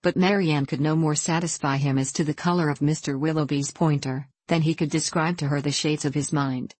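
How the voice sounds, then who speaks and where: A woman narrating a classic novel in a measured, even reading. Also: deep voice, husky, dry recording. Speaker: audiobook narrator.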